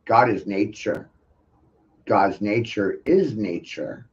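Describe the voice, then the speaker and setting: A man's voice: fairly low pitch, expressive, slow, a little mellow, lo-fi sound. A man ranting in an intense, profane monologue full of rhetorical questions.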